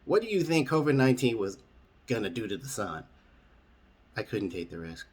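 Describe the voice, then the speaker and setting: A man with a somewhat low voice tells a wild comic story in a flat, matter-of-fact delivery. He never breaks from his deadpan manner. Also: moderate pace, pauses often, breathy edge. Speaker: storyteller host. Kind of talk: deadpan absurd comic monologue.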